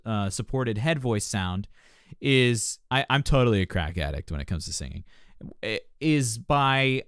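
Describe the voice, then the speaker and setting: Vocal coach guy reacting on stream, super animated voice going up and down, jokey and passionate, dry close mic. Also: mid-range voice, clean tone, dry recording. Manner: passionate, joking, animated teaching. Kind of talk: live-stream reaction commentary.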